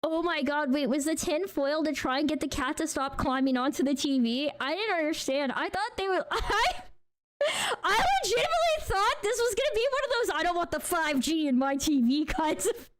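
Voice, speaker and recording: High, excitable woman streamer. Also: fairly quick. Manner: excitable, laughing, exclaiming; slangy, says bro. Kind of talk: live reaction commentary.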